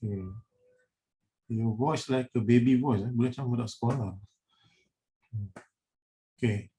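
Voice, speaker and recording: A man's voice: medium pitch, normal speed, mellow. A man with a Malaysian English accent teaching an engineering class online, explaining step by step and calling on students by name. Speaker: engineering lecturer.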